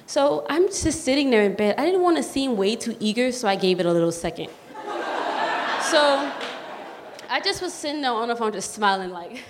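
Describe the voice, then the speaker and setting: A young woman performing a personal story live, animated and playful as she acts out the people she quotes. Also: on the high side, moderate pace. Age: young adult. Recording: long hall reverb, faint noise.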